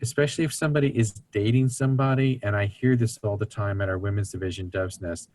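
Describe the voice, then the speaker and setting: Talking fast in a fairly low, darkish voice, this guest speaker on recovery ministry earnestly teaches about family dynamics during an interview. He acts out the voices of the people he quotes.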